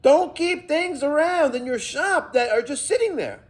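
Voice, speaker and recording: A man's voice: very high-pitched, lively intonation, normal speed. A middle-aged man, a plumbing contractor telling stories and giving advice in a casual, emphatic, profane vlog rant.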